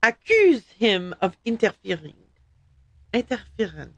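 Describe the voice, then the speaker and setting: Lady streaming a game, talks slow and playful, voice jumps all over, tries out lines out loud. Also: mid-range voice, sing-song, no room sound, highs cut off. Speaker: livestream host playing a game. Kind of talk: casual game-stream chat.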